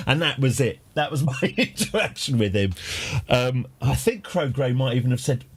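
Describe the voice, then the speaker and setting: A game-streaming host, he rambles casually from one tangent to the next, dropping dry jokes along the way. His husky, mid-range voice is animated and moves at a normal speed.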